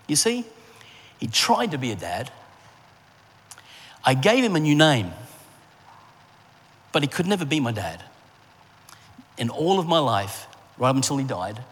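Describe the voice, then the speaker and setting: A middle-aged man preaching a sermon and telling a personal story, rising in pitch for emphasis and dropping low and soft in his memories. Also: husky. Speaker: pastor. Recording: long hall reverb, faint ambient noise.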